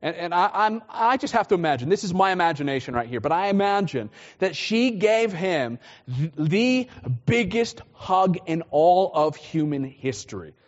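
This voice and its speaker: A fairly high-voiced man preaches a conversational sermon, often stumbling and repeating words as he restarts. The sound is muffled, and his voice carries a long reverb from a church hall. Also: animated, normal speed. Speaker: pastor.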